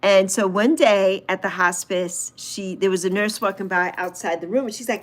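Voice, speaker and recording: A woman's voice: medium pitch, steady tone, normal speed. Chatty woman in her sixties. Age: 60s. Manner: chatty, reads out and answers viewer comments; fond, reminiscing. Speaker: livestream host. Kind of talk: casual livestream chat.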